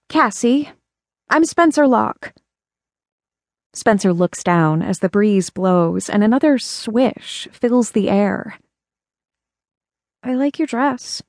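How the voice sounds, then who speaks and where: A woman narrating an audiobook in a measured storytelling manner on a close studio mic. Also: medium pitch, darkish tone, dry recording. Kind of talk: scripted narration.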